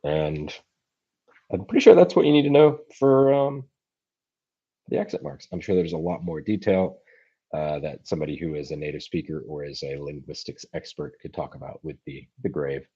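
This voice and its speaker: Answering viewers on a livestream from home, an American language-learning host speaks in a very deep, dark, somewhat husky voice. He muses aloud, stumbling through ums and restarts. His computer mic makes everything sound dull and muffled.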